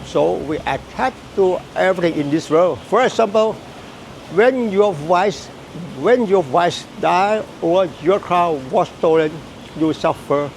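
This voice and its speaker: High, gravelly man. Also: darkish tone, a little hiss or hum, poor audio. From Thailand. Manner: repetitive, halting, emphatic phrasing. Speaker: Buddhist teacher. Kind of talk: dharma teaching.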